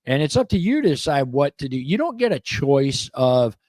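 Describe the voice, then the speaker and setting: A man's voice: mid-range voice, normal speed, no room sound. Blunt middle-aged man, dry studio mic. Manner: blunt, animated, acts out quoted people. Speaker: co-host and business owner. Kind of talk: casual opinionated talk show chat.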